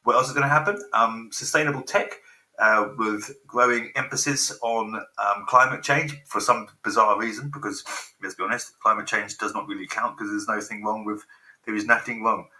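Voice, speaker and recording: Man in his forties, live-stream host, rambling and sweary, lowish voice, very sharp tone, echoey room. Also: fairly even intonation, normal speed. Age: 40s. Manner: swears freely, distracted by tech trouble. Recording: roomy echo.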